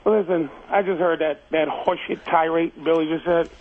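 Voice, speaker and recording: A man's voice: a little high, steady tone, moderate pace. A man comedian calling in to a radio show, insistently retelling his side with profanity in a heated argument, over a tinny phone line. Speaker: comedian caller.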